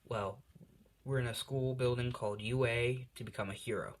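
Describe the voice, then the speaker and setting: Polite teenage boy hero student, quiet and plain, as a man puts him on. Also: mid-range voice, steady tone, moderate pace, natural voice.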